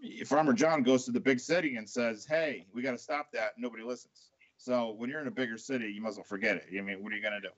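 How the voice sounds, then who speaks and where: A man's voice: medium pitch, fast, few pauses. A man from Connecticut co-hosting a casual call-in radio chat, rambling and leaning on "you know" between laughs. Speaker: co-host. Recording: dull lo-fi stream audio.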